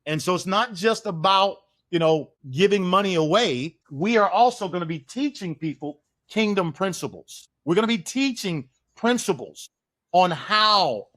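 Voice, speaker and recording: Man from Oakland, podcast guest, fervent and repetitive, voice a bit high. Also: fairly bright tone. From East Oakland, California. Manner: emphatic, preacherly, repeats phrases for stress. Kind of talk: podcast interview.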